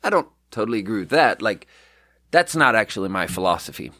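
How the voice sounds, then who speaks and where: A man's voice: on the low side, very animated, fairly quick, sharp tone, no room sound, studio quality. A man on a podcast telling a long workplace story in casual chat, rambling and swearing, with many restarts and acted-out quotes. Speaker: podcast host, restaurant manager.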